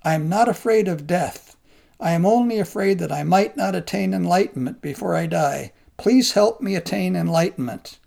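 A man's voice: sits high, normal speed, vocal fry. A man voicing a humble pleading monk. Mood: earnest. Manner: pleading, earnest, gentle. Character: humble pleading middle-aged male monk.

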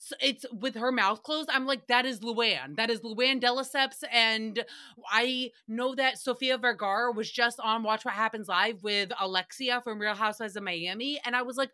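Bright-voiced gossipy woman host. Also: a little high, normal speed. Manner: profane, gossipy and animated. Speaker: podcast host. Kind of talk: casual recap rant.

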